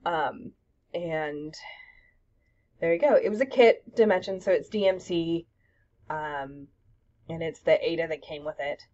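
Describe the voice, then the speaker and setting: A woman's voice: low voice, a little slow, pauses often, mellow, muffled recording. A young woman chatting casually about her cross-stitch projects at home, rambling with lots of ums and self-deprecating asides. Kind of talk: casual show-and-tell chat.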